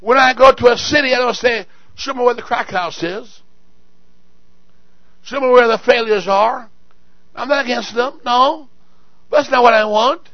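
A male pastor preaching to his church, swinging from quiet asides to shouted exhortations and repeating words for emphasis. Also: extremely high pitch, unhurried, pauses often, no room sound, dull audio. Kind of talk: sermon. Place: church sanctuary.

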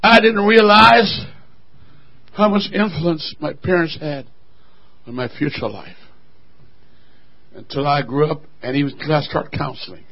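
A man preaching a sermon, calling out to the church and rising into fervent shouts. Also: a little high, a little slow, pauses often, lo-fi sound. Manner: call-and-response, rising to shouting.

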